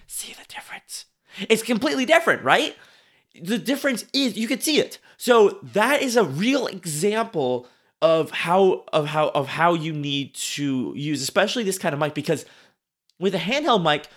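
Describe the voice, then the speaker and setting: A man's voice: a little high, fairly bright tone. A man hosting an instructional podcast, talking casually and repeating phrases for emphasis as he demonstrates speaking techniques. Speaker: podcast host and speaking coach.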